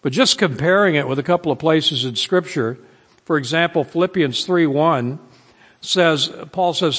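A man preaching a sermon in a church, slow and deliberate, stressing each point with emphasis. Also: a little high, a bit bright. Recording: long reverb of a large hall.

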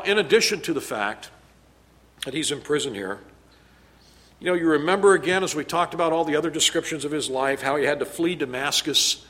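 A man preaching a sermon as pastor, emphatic, his loudness rising and falling as he drives points home. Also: on the high side.

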